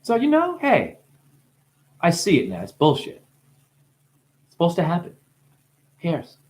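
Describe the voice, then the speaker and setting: A man who is high, talking in a rambling, profane monologue. His voice swings from low mumbling to sudden high exclamations. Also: sing-song, a little slow, darkish tone. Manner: profane, playful. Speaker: spiritual video maker.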